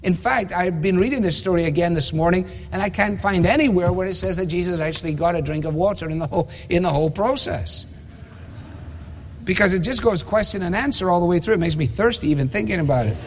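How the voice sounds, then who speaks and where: A man's voice: sits high, a little hiss or hum. Man preaching in a reverberant hall. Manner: measured, emphatic, with rhetorical questions. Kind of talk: expository sermon. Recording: long reverb of a large hall.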